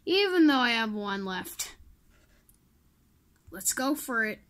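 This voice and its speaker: Slow-talking woman muttering over a game. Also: fairly high pitch, sing-song, a bit bright. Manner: self-mocking, pleading with the game, muttering asides. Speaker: gamer playing a mobile game. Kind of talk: casual gameplay commentary.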